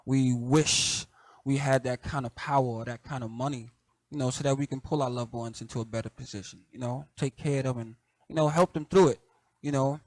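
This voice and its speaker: A middle-aged man with a light Southern accent hosts his show, talking in a relaxed, conversational way full of "you know" and soft laughs. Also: mid-range voice, brisk, no echo. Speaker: host. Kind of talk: casual reflective monologue.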